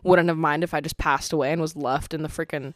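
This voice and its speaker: A woman's voice: low voice, steady tone, fast, no room sound. Woman host, candid friendly chat, dry close-mic sound. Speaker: podcast host. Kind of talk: casual chat between friends.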